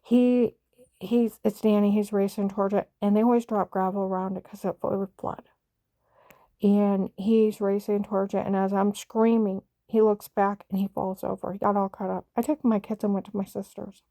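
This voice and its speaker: A middle-aged mother's medium-pitched, dark-toned voice moves little in pitch as she speaks at a moderate pace without room sound. She tells a painful family story casually, rambling with emotion and plenty of fillers and restarts.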